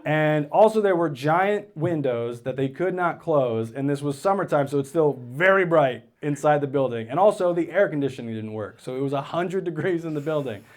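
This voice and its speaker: A man doing stand-up comedy, telling a story on stage and dropping into flat, low-voiced quotes of other people. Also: moderate pace, hardly any pauses. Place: theater stage with a live audience.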